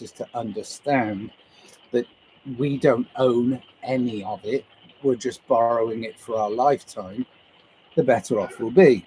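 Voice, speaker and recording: A man's voice: medium pitch, mellow, slight background noise, low-quality recording. A man livestreaming to viewers, musing his way through a loose, meandering monologue and swearing casually.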